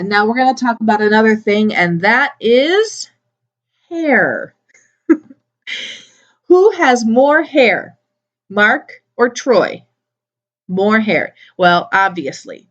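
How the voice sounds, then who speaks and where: A woman teaching English to adult learners, repeating each word slowly and clearly, with small playful asides. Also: medium pitch. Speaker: ESOL teacher. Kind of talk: slow, clearly enunciated classroom teaching. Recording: slightly dull lo-fi recording.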